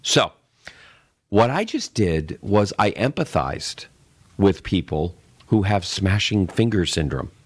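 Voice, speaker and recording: A man's voice: low-pitched, big pitch swings, takes it slowly. A middle-aged man co-hosting a casual tech podcast, rambling as he explains with acted-out sales examples. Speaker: tech show co-host.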